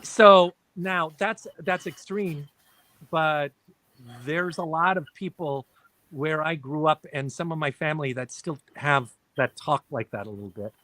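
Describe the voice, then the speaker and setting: A man's voice: on the high side, measured pace, bright, forceful tone. A man with a Minnesota accent, chatting curiously and telling stories from his youth in a casual stream. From Minnesota, United States. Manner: curious, storytelling. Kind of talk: casual chat.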